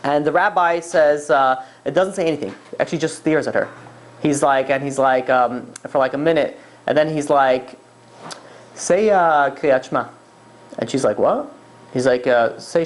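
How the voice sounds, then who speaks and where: A rabbi telling stories to a class in a casual, rambling way, full of fillers and restarts. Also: male voice, medium pitch, fairly even intonation, normal speed. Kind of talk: casual storytelling lecture.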